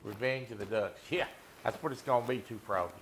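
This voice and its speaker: A man's voice: fairly low pitch, a little fast, slight background noise. A man streaming a hunting game, chatting and teasing viewers in a laid-back way. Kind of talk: casual gameplay chat with viewers.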